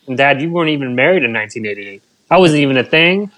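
Dude co-hosting a podcast, middle voice, rambly, laughs a lot. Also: male voice, mid-range voice, rapid-fire, a bit bright, dry recording. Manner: rambling, laughs often, emotional storytelling. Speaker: podcast co-host. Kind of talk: casual podcast chat.

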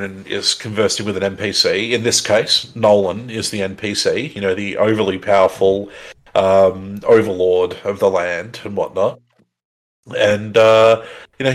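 A man co-hosting a podcast, casually retelling an episode with lots of fillers and restarts. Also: on the low side. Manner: rambling, filler-heavy storytelling. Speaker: podcast co-host. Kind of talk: casual recap chat.

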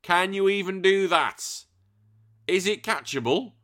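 A middle-aged English man hosting a podcast, reading out listener messages in casual chat and bursting into loud sworn exclamations. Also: sits high, unhurried. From England. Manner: animated, swears freely, bursts into loud exclamations. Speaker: podcast host.

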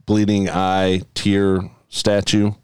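A man's voice: low-pitched, slow pace, clear, resonant tone, dry recording, clean studio sound. A man co-hosting a casual podcast chat, running the questions and segments. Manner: animated, leads segments and questions. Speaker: podcast co-host.

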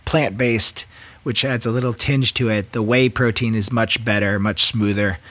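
A man's voice: on the low side, fairly even intonation, moderate pace, fairly bright tone, dry recording. A man co-hosting a podcast, laid-back and chatty, laughing along with his partner. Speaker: podcast co-host. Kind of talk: casual chat.

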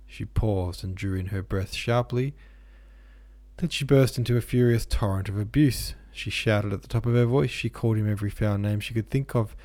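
A man reading a classic novel aloud as audiobook narrator, measured and expressive. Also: on the low side, no room sound.

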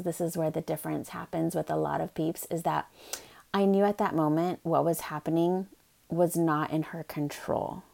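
A woman's voice: on the low side, vocal fry, darkish tone. A middle-aged woman hosting a parenting podcast, talking in a chatty, upbeat way with plenty of fillers. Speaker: podcast host, parenting coach. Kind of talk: casual podcast talk.

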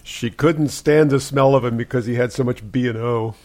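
A man co-hosting a comedy podcast, delivering pun after pun in a dry, deadpan way. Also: medium pitch, moderate pace. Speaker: podcast co-host. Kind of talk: pun-filled comedy banter.

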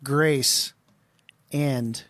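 A man's voice: mid-range voice, fairly even intonation, extremely slow, a bit bright, dry recording. A man co-hosting a casual Christian talk stream, reading scripture aloud and pressing his partner with questions. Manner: probing, pushes questions, reads verses aloud.

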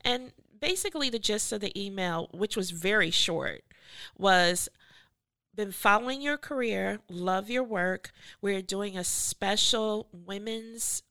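A middle-aged woman, an artist and professor, telling a story in an animated way and acting out the voices she quotes. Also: medium pitch, gravelly. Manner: animated, acts out quoted voices, laughs often. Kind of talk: storytelling in a podcast conversation.

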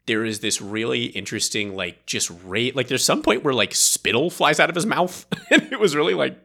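A man co-hosting a podcast, chatting casually about a film in a rambling, animated way and laughing often. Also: on the low side. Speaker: podcast co-host. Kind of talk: casual movie review chat.

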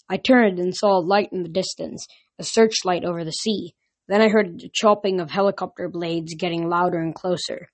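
A woman's voice: on the low side, steady tone, normal speed. A woman reading a novel aloud, narrating in an unpolished way with frequent slips and restarts. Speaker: reader.

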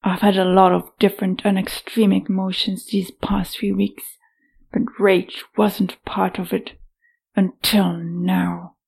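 A woman's voice: medium pitch, level tone, slow pace, vocal fry, darkish tone, breathy edge, full character voice. A woman voicing a furious, betrayed young heroine. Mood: seething. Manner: indignant, seething, sometimes through gritted teeth. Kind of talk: audiobook character voice.

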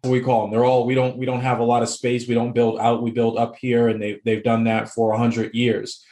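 A man from the Boston area talks as a podcast guest over a remote call, his voice at an ordinary male pitch. The room around him is echoey, and his telling is relaxed and easy. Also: a little fast. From Boston area, United States. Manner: laughs easily, relaxed storytelling. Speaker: guest, real estate investor. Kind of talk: casual interview chat.

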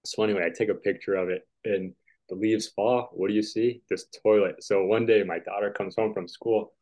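Deep-voiced man telling rambling stories. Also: steady tone, a little fast, warm tone. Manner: rambling, filler-heavy, chuckling. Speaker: podcast guest, tennis player. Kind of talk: casual storytelling. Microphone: video call. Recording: dull lo-fi call audio.

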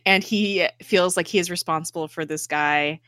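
A woman's voice: lowish voice, fairly even intonation, normal speed, sharp tone, no echo, clean studio sound. A woman co-hosting a casual chat, retelling scenes animatedly and laughing often. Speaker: podcast co-host.

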